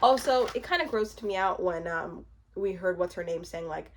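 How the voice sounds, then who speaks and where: Chatty young woman, lively high voice. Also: unhurried. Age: 20s. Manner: chatty, laughs often, trails off and restarts. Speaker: reality TV commentator. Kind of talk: casual reaction commentary.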